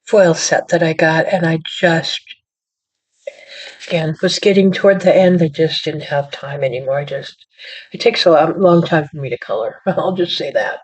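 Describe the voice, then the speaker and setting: A woman's voice: low voice, moderate pace, husky. A woman hosting her own card-making channel, chatting casually as she shows her work, rambling and apologizing and playing down her own skill. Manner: rambling, self-deprecating, apologetic. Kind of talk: casual show-and-tell chat. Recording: dull lo-fi audio.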